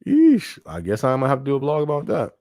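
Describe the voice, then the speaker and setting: A man's voice: medium pitch, rapid-fire, a little mellow, no room sound, studio quality. A man hosting a casual live-stream podcast, talking loosely and often checking in with "you know what I mean.". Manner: conversational, repeats phrases, frequent "you know what I mean". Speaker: podcast host.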